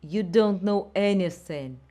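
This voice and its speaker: A woman's voice: medium pitch, slow pace, lightly acted. A woman voicing a young boy who is frightened and defiant, reading an audiobook. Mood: angry. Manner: shouting, upset.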